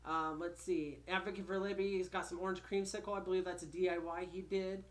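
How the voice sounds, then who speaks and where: Brief: laid-back host, middle pitch, greets chatters one by one. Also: flat delivery, quick pace. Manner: easygoing, greeting viewers by name. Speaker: podcast host reading the live chat. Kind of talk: casual chat.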